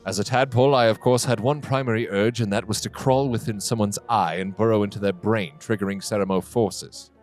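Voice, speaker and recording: A man voicing a calm, formal male mind flayer scholar who speaks in a measured, slow way. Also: lowish voice, soft background music, natural voice. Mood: reminiscing.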